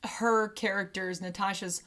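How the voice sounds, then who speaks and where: A woman co-hosting a podcast, chatting casually about a movie with quick asides and frequent laughs. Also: mid-range voice, fairly even intonation, bright, forceful tone. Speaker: podcast co-host.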